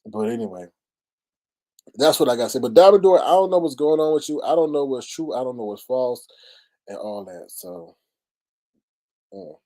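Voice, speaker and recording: Animated, sassy man with a mellow voice. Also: mid-range voice, normal speed, pauses often. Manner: animated, laughing, shrieks and sassy asides. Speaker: livestream host. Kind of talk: casual commentary livestream.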